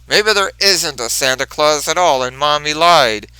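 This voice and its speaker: A man voicing a tearful, disappointed little girl pleading softly. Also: on the high side, expressive, unhurried, clear, resonant tone, no room sound, rough recording. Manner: pleading, soft-spoken.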